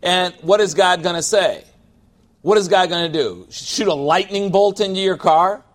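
A man's voice: high-pitched, moderate pace. A pastor preaching a sermon in a loose, conversational style, calling for amens from the congregation and briefly mimicking people as he talks.

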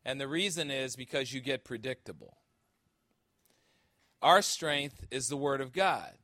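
A man's voice: mid-range voice, lively intonation, unhurried, sharp tone, dry recording, clean studio sound. A man from Chicago preaching a sermon as pastor into a handheld microphone, pressing the congregation with emphatic rhetorical questions. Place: church.

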